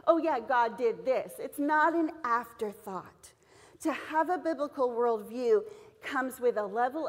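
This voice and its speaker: High-voiced woman speaking in a reverberant church hall. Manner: earnest, storytelling, encouraging. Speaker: seminar speaker for teachers. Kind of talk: devotional talk to teachers.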